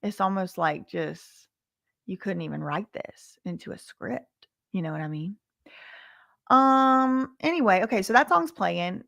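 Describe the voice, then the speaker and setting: A woman talking through court documents in a relaxed, conversational way. Her voice sits at a medium pitch, and she stops often to add her own remarks between the quotes she reads. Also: measured pace, creaky, no room sound. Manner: reads transcript quotes aloud with frequent asides. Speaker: legal commentary host. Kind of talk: casual commentary reading from a lawsuit.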